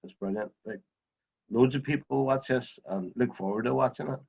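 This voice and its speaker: A man's voice: mid-range voice, moderate pace, vocal fry, darkish tone, slightly rough, highs cut off. A man with a Northern Irish accent, a guest in a casual video call interview, chatty and fond of telling funny stories. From Northern Ireland. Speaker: guest driver. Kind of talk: casual interview chat, storytelling.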